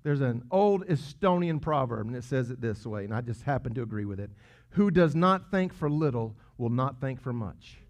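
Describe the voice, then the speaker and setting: A man preaching a sermon, earnest and emphatic, swinging between loud peaks and hushed asides. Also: mid-range voice, expressive, normal speed, few pauses. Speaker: pastor. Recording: dull lo-fi sound.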